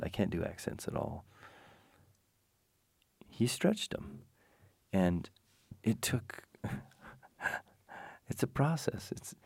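Slow, gravelly low-voiced man. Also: a little mellow, no echo. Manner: wry, self-deprecating humor; digressive, frequent restarts. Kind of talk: rambling personal anecdote.

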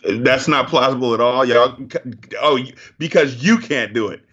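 A man's voice: medium pitch, normal speed, fairly bright tone, husky, dull audio. A man in a casual movie review chat, talking in a heated, profane rant.

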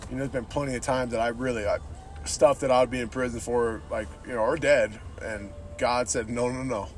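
Male podcast host, mid-pitched, casual rant, heavy swearing, opinionated and blunt. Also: steady tone, fairly quick. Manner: profane, says "dude" constantly.

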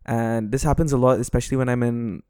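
A man from Dubai with a smooth, resonant voice and an international Western accent. He co-hosts a casual chat, joking in a dry way and talking straight to his listeners. The recording is close and dry. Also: mid-range voice, steady tone, fast talker, darkish tone, no room sound. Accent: international Western English. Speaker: podcast co-host.

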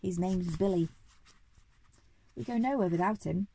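A woman voicing a proud female giraffe who speaks with a calm, superior air in a storybook. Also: lowish voice, unhurried, slight background noise. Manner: superior, self-assured.

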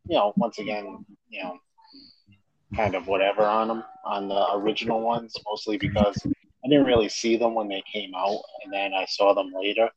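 Husky low man, hesitant and rambling. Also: animated, moderate pace, dull audio. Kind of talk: casual chat.

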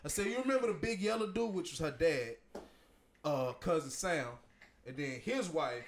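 Loud animated man telling a story. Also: on the high side, moderate pace, a little hiss or hum. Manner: loud, animated, bursts of laughter. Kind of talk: casual profane storytelling. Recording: roomy echo.

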